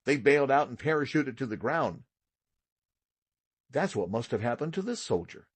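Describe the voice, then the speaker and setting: Husky man reading an audiobook aloud. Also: medium pitch, moderate pace, no echo. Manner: steady, expressive read-aloud storytelling. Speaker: audiobook narrator. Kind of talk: scripted narration.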